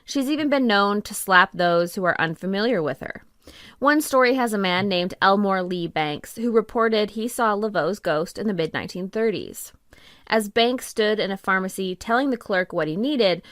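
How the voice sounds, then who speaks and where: Woman co-host, steady scripted history read, medium pitch, very dry close mic. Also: dry recording. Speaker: podcast co-host.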